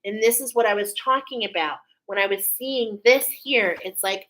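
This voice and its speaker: A woman's voice: medium pitch, moderate pace, fairly bright tone, rough recording. A woman giving a spiritual oracle card reading to her viewers, earnest and soothing, often checking in with "okay?".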